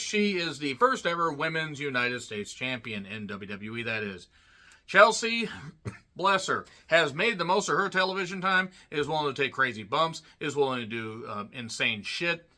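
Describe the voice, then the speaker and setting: A man hosting a casual, opinionated ranking monologue. He is blunt and profane, clears his throat often and gets louder when he announces names. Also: on the high side. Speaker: wrestling commentator and list host.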